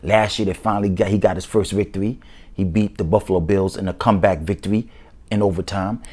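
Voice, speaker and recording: A man hosting his own football talk show, excited and slangy in a casual commentary style. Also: low-pitched, fast talker.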